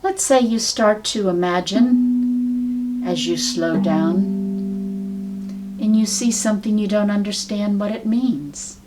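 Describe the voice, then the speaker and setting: A woman with a middle-pitched voice guides listeners through a healing exercise. She talks very slowly, with long, unhurried pauses. Her delivery is calm, measured and soft. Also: loud music behind the voice. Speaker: sound healing teacher. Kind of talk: slow guided teaching.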